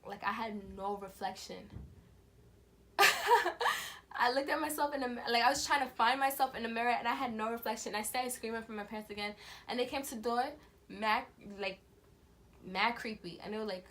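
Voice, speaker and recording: Speaking at normal speed in a slightly high voice, a young female vlogger narrates a storytime video. Her speech is casual and slangy, and she tells it with animation, performing the quoted voices of the people in the story.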